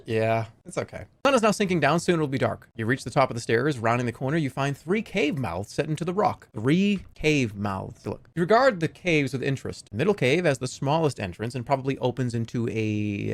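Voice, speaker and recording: A man's voice: mid-range voice, dry recording. A man in his forties streaming a text game, reading its prose aloud dramatically and joking between passages. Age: 40s. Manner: animated, jokey, dramatic read-aloud.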